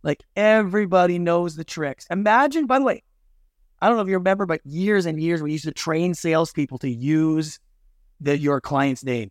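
A middle-aged man, a film producer and business consultant, chatting in an interview in a lively way and acting out quoted voices. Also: fairly high pitch, moderate pace, dry recording, clean studio sound. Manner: animated, acts out quoted voices, many "like" fillers. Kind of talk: casual interview conversation.

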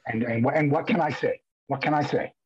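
A man's voice: mid-range voice, fairly quick, breathy edge, no echo. A man guest on a podcast, candidly and emotionally retelling events with many restarts. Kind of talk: candid conversational storytelling. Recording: dull lo-fi audio.

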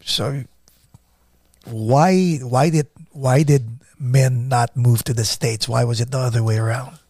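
A man's voice: medium pitch, fairly even intonation, takes it slowly, a little mellow, no room sound, studio quality. A man hosting a podcast, asking eager, fan-like questions in a casual interview. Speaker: podcast host.

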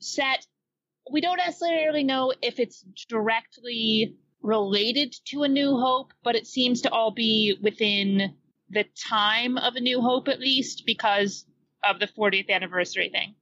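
Bright, blunt woman podcast guest. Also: a little high, unhurried, no echo, dull audio. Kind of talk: casual chat.

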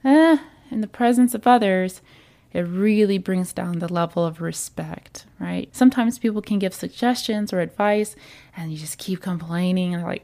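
A woman's voice: lowish voice, normal speed, vocal fry, dark tone. A woman giving casual self-development advice straight to her viewers, earnest and conversational, now and then acting out what other people say. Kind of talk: casual advice talk to camera.

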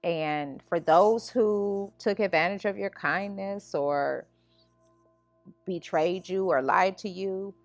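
A woman's voice: medium pitch, takes it slowly, no echo, soft background music. A woman hosting her own self-help podcast as a life coach, talking in a casual, earnest way with many restarts and "you know what I'm saying". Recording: slightly dull lo-fi sound.

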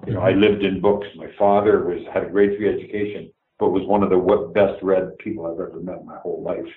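An older Canadian man with a low voice tells candid, salty stories and acts out every line of dialogue. His voice comes over a thin, phone-like line from a roomy space. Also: flat delivery, fast talker. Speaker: guest actor. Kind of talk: casual interview storytelling.

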